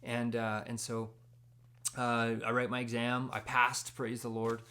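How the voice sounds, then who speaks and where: A man's voice: medium pitch, completely flat delivery, unhurried, sharp tone. A young man sharing a personal faith testimony in a casual storytelling way, acting out the dialogue and laughing at himself. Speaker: Christian speaker sharing testimony.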